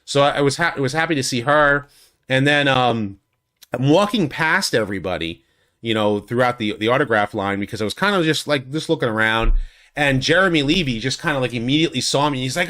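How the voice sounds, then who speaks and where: Man, casual convention recap, rambling, lots of restarts, mid-pitched voice, studio mic. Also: lively intonation, fairly quick, sharp tone. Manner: rambling, with many restarts and likes; acts out quotes in a much higher voice. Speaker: YouTube host recapping a convention. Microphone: USB studio condenser mic.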